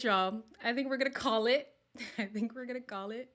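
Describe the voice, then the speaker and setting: A woman with a slightly raised voice hosts a live watch party in a loose, talkative way. She reads viewer comments aloud and reacts to them, now and then lowering her voice to a whisper for an aside. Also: moderate pace, fairly bright tone. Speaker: livestream host reacting to a reality show.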